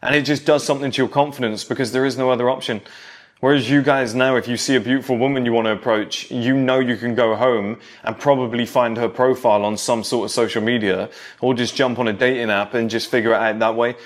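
A man's voice: medium pitch, steady tone, fast. A man in his thirties talking casually to camera, reminiscing and lecturing younger viewers about how things used to be. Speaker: vlogger.

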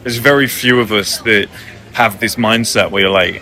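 A man's voice: mid-range voice, brisk, bright, forceful tone, slight background noise. A young man talking casually to camera in a cafe, brash and joking, swearing freely. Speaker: vlogger. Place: cafe by the water.

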